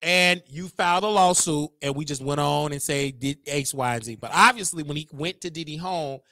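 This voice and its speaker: A young man hosting a casual livestream, talking in an animated, gossipy way and laughing often. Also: on the high side, normal speed, no room sound. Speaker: show host.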